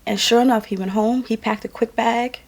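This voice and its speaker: Woman vlogger, fairly high voice, worn out, tells a personal story to camera, leans on repetition for emphasis. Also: steady tone, brisk. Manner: emphatic, repeats lines for effect. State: tired. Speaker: vlogger and makeup artist.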